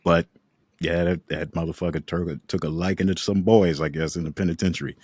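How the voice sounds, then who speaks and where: A man's voice: low voice, fairly even intonation, fairly quick, darkish tone, husky, no room sound. A man co-hosting a podcast, telling stories in casual chat, laughing often and acting out the voices of people in them. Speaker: podcast co-host. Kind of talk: casual storytelling.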